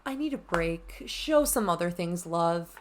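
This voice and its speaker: A woman's voice: on the low side, animated, a little slow. A young adult woman chatting casually in a makeup vlog, bubbly and gushing. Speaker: beauty vlogger.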